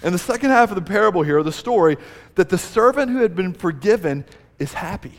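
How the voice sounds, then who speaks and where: A man's voice: high-pitched, animated, brisk, long reverb tail. A man preaching a sermon, earnest and building emphasis as he retells a story. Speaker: pastor.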